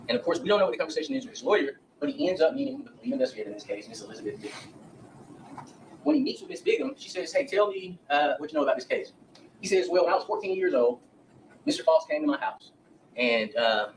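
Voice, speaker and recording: A man's voice: on the high side, wildly swooping pitch, fast, recorded from a distance, a little hiss or hum, rough recording. A man giving a defense opening statement to a jury in a courtroom, speaking straight to the jurors and acting out what witnesses said. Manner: addresses jurors directly, acts out witness quotes. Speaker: defense attorney.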